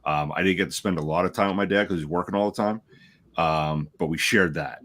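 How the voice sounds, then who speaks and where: A man in his forties from Pennsylvania chats on a wrestling podcast. His voice is very deep. He speaks in a relaxed way, trailing off with fillers. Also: fairly quick. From Pennsylvania, USA. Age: 40s. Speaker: podcast co-host. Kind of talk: casual chat, reminiscing.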